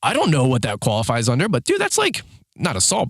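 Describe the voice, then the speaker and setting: A man in his thirties tells a rambling story to the camera in a casual vlog. He fills his speech with "like" and "dude" and jumps up in pitch whenever he acts out someone yelling. His voice sits at an ordinary middle pitch and sounds dry and close. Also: quick pace, slightly rough, dry recording. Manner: animated storyteller, acts out shouted quotes in a higher voice; heavy use of filler words like "like" and "dude". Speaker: lawn care business owner.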